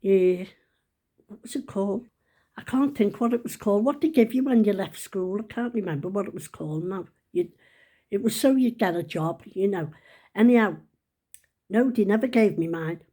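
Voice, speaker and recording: A woman's voice: medium pitch, moderate pace, dark tone. A woman, telling rambling, self-mocking stories about her schooldays in a casual chat. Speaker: vlogger. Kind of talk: casual storytelling.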